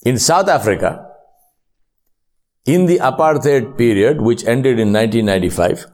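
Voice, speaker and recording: Male preacher, storytelling sermon, animated delivery, acts out the characters. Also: medium pitch, normal speed. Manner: animated, voices characters in his stories.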